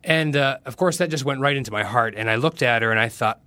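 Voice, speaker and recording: A man tells a story in an interview, halting and reflective, and he often restarts his sentences. The recording is dry and close, with no room sound. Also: mid-range voice, sharp tone, no room sound. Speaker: aid worker. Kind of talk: interview recollection.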